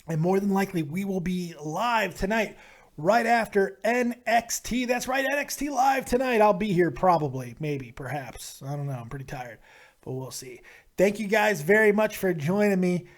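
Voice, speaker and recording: Casting: casual call-in show host, man, higher voice, animated. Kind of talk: live show call-in chat.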